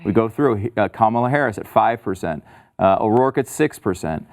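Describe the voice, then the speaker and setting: A man co-hosts a talk show in casual conversation, now and then rattling off figures. His voice sits a little low. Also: expressive, moderate pace, gravelly, darkish tone. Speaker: co-host. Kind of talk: casual political chat.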